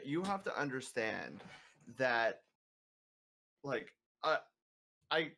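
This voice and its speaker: Over a remote voice call, a male streamer chats casually on a podcast, offering earnest, emphatic advice filled with filler words. His voice is medium-pitched with a fairly bright tone.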